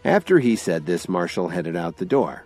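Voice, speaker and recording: A man narrating an audio drama series in an expressive storytelling manner. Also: low-pitched, normal speed, faint music behind.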